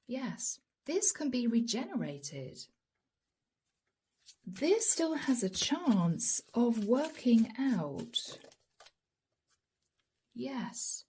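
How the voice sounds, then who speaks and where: Soft-spoken husky woman reading tarot. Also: a little high. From Europe. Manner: soft, emotional, often drops to a whisper. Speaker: tarot reader.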